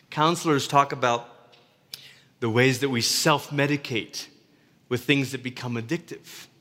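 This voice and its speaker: A man's voice: on the high side, a bit bright. A man preaching a sermon as a pastor, earnest and conversational, often restarting his words. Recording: reverberant hall.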